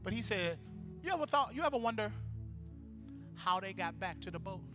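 A male pastor preaching a sermon, animated and building to loud, fervent praise, acting out voices from the story. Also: high voice, moderate pace, music in the background.

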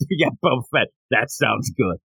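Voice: medium pitch, sing-song, slow, gravelly, fairly bright tone, breathy edge, no echo. A podcast co-host in casual chat, animatedly retelling comic panels and joking about them.

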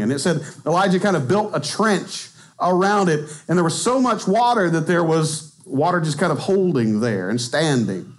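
A man's voice: animated, moderate pace, hardly any pauses. A man, raised in Arkansas, preaching a chatty sermon in a church, joking as he goes and acting out quotes with a lifted voice. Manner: chatty, joking asides, acts out quotes with rising pitch. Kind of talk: conversational sermon. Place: church sanctuary.

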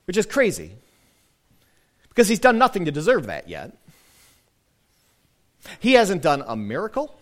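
Lively, animated male pastor preaching. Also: high-pitched. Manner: lively, conversational preaching with soft, slowed quoted lines. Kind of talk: sermon.

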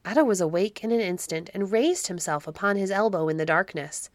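A woman narrating a classic children's story in a measured, expressive reading. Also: mid-range voice, dry recording. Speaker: audiobook narrator.

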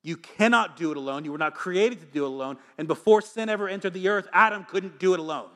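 A man preaching a sermon as pastor, energetic and joking, reading scripture aloud between stories. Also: high voice, fast.

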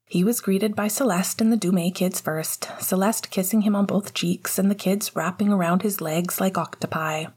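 A woman narrating a novel chapter in a soft, half-whispered reading. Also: mid-range voice, fairly even intonation, moderate pace, hardly any pauses, breathy edge. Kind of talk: audiobook reading of fiction.

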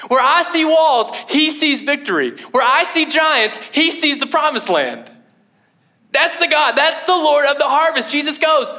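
A young man preaching a sermon in a casual, animated way, full of fillers. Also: extremely high pitch, unhurried. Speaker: pastor.

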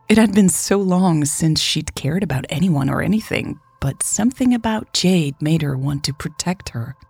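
A woman narrating an audiobook in a measured, quietly dramatic reading, voicing dialogue softly. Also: deep voice, gravelly, slightly rough, no echo.

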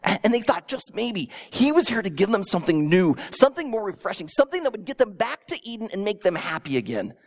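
A pastor preaching a sermon, telling it with animated storytelling and acting out imagined listeners, with small stammers. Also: mid-range voice, fast talker, hardly any pauses. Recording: long reverb in a large hall.

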